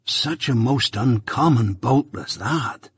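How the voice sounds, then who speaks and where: Storybook role: male reader doing a gentle slow-talking blacksmith, husky, dry. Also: medium pitch, lively intonation, no room sound, exaggerated voice. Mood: earnest worry. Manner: slow, solemn, confidential. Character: gentle simple-hearted grown blacksmith, a man.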